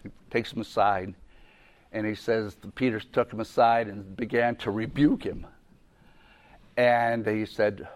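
A man's voice: fairly low pitch, fairly even intonation, unhurried, pauses often. A man teaching a Bible lesson in a conversational way, often repeating himself and restarting sentences. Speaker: preacher.

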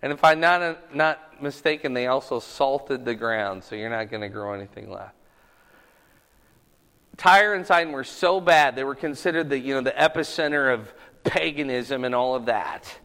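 A man's voice: medium pitch, animated, normal speed, sharp tone, big-room sound. A man teaching a Bible study in a conversational, sermon-like way, moving between casual asides and earnest, emphatic preaching.

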